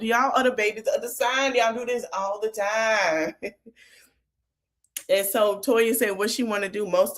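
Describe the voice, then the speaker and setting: A woman's voice: mid-range voice, fairly bright tone. A woman podcast host in a casual recap, chatting informally, laughing often and retelling scenes with quoted lines. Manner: informal colloquial speech.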